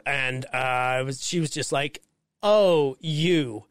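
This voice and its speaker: A man co-hosting a podcast, telling stories in a casual, profane, animated way. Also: medium pitch, normal speed, clear, resonant tone, dry recording, clean studio sound. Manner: profane, storytelling, animated when quoting. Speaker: podcast co-host. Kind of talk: casual chat.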